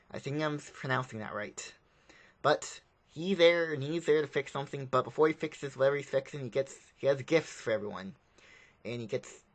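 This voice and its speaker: Man, casual film review, middle pitch, rambling, repetitive, plain-spoken. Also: fairly bright tone.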